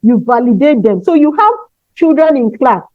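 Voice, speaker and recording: A high-pitched woman speaks to a room of teachers, pressing each point with emphasis and checking in with a quick "okay?". The sound is dry and dull, like a lo-fi recording. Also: animated, no room sound. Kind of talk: motivational talk.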